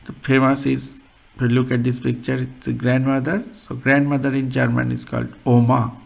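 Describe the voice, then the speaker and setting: A man teaching a beginner language lesson, explaining sounds in a halting way and repeating words. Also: mid-range voice, completely flat delivery, vocal fry.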